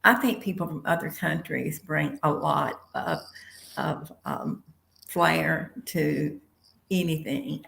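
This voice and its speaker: A woman's voice: sits low, gravelly, fairly bright tone. A woman from Tennessee with a Tennessee accent, speaking frankly and emphatically as a panelist on a video call. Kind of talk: casual panel discussion. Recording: echoey room.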